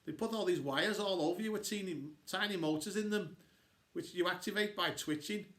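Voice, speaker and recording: A man's voice: sits high, fairly quick. Man reading a story in an echoey room. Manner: playful, expressive storytelling. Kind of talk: reading a children's novel aloud.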